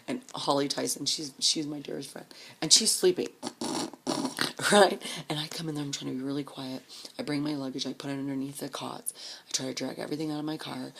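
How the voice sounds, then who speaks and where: A woman's voice: low voice, gravelly, a bit bright, husky. A woman casually telling a rambling, profane personal story, often dropping to a whisper when she quotes people.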